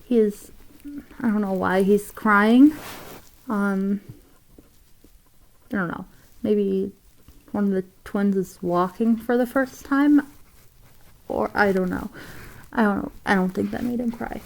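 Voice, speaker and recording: A woman giving a casual drawing tutorial, rambling with fillers and soft asides. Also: medium pitch, slow pace, vocal fry, long pauses.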